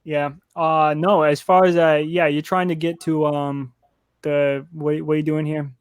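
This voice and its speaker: A man's voice: fairly high pitch, flat delivery, unhurried, clear, resonant tone, no room sound, studio quality, lightly acted. A man voicing a chatty, laid-back forest of talking trees in a tabletop game, rambling and slangy.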